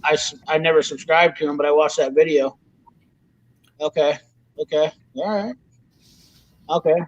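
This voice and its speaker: A man's voice: a little high, steady tone, moderate pace. A man hosting a casual chat, rambling through stories and swearing freely. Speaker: podcast host. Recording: dull lo-fi sound.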